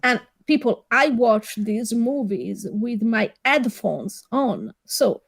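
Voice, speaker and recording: A woman chatting casually as a podcast co-host, speaking in a deliberate, wry way. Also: fairly high pitch, expressive, gravelly, slightly rough. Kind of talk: casual chat.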